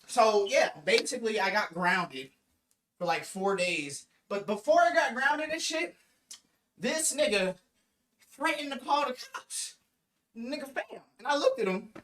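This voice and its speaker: A man's voice: very high voice, expressive, a little slow, fairly bright tone, a little hiss or hum. A young man telling a story from his own life in a casual vlog, full of slang, swearing and sound effects. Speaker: vlogger. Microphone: poorly placed mic. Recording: distant mic with faint background music.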